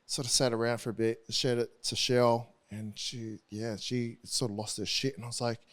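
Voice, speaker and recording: Earnest man, halting candid storytelling. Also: medium pitch, level tone. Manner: earnest, halting with frequent restarts. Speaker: interview guest, rugby league player. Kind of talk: candid podcast conversation.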